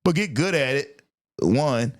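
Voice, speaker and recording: A man hosting a podcast, chatting casually and telling stories in a profane, animated way. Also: medium pitch, unhurried. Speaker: podcast host, comedian. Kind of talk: casual chat.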